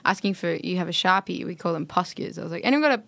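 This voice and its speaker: An Australian woman with a bright, clear voice, chatting casually as a guest. She laughs easily and tells her stories a little sheepishly. The sound is dry and close. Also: on the low side, little pitch movement, fast talker, no room sound. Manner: laughs often, self-conscious storytelling. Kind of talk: casual chat.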